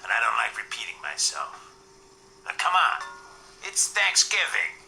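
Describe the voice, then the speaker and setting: A man voicing a calm, quietly threatening older male mob boss in an audio drama. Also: mid-range voice, measured pace, soft background music, full character voice, rough recording. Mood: menacing. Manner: smooth, controlled, quietly threatening.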